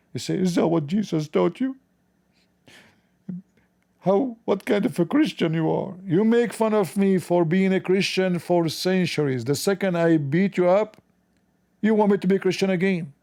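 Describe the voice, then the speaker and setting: A middle-aged man hosts a livestream and fires back at his chat with mockery and open challenges. His voice is gravelly, sits a bit high for a man, and has a dark tone. His English is non-native, with loose grammar. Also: normal speed. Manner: mocking, sarcastic, confrontational. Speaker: livestream host. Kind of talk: combative livestream commentary answering chat.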